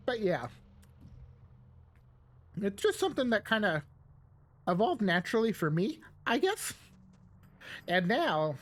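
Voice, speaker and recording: Chatty young woman streamer, lively pitch. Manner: chatty, rambling, laughs often, pauses to eat. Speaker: VTuber streamer. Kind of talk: casual live-stream chat while gaming.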